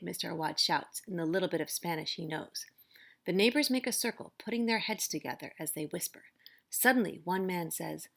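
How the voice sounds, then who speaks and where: A woman's voice: lowish voice, fairly quick, gravelly, fairly bright tone. A woman teacher reading a picture book aloud, narrating expressively. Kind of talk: storybook read-aloud.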